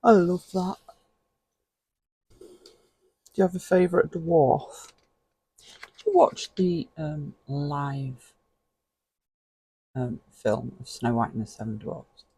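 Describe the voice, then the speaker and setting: Slow, husky man with a gravelly edge. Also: on the high side, dark tone, dry recording, low-quality recording. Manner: chatty, talks to the viewer, chuckles often. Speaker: vlogger. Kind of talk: casual flip-through commentary.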